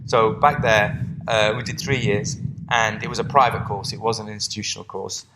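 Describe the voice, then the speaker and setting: A man's voice: fairly low pitch, steady tone, moderate pace, background noise. A man who coaches athletes, a guest on a podcast, talking casually in a rambling way and often quoting himself. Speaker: guest, strength and conditioning coach.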